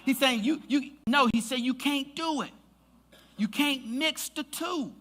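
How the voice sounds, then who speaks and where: A man pastor preaching a sermon in a church, joking with the congregation and rising to shouts. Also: very high-pitched, a little slow. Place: church sanctuary.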